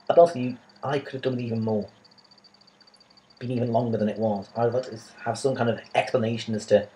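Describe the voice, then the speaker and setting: A man's voice: lowish voice, mellow, rough recording. A man giving a casual, opinionated spoken film review, often asking exasperated rhetorical questions.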